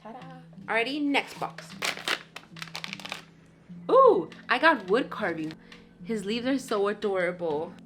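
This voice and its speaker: A woman vlogger chatting casually and gushing excitedly while unboxing, with background music under her voice. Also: medium pitch, measured pace, pauses often.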